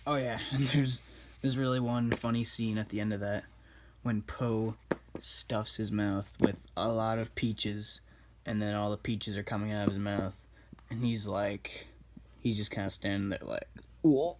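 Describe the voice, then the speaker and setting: A man casually recapping an animated film while he draws, rambling and correcting himself as he goes. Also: fairly low pitch, measured pace, background noise. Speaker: drawing video maker.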